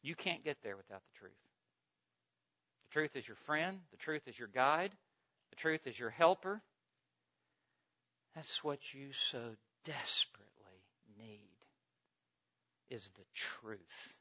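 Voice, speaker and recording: A man preaching an expository sermon with an emphatic, repetitive cadence, swinging from hushed lines to loud ones. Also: mid-range voice, lively intonation, slow pace, pauses often. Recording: dull lo-fi recording.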